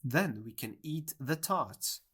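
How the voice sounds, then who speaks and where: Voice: medium pitch, expressive, slow pace, a bit bright, husky, heavily acted. A reader voicing a curious, puzzled young girl in a storybook audiobook, in a lightly raised, wondering tone.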